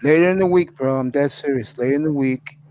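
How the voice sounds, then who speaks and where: A man's voice: medium pitch, fast talker, a little mellow, slight background noise, poor audio. A man hosting a live stream in casual chat, effusive and openly emotional as he thanks his friends.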